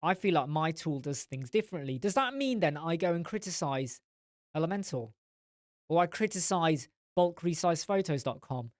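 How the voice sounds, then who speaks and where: A man's voice: a little high, expressive, normal speed, no echo, studio quality. A man hosting a casual live-stream chat, blunt and rambling, swearing freely. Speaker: host.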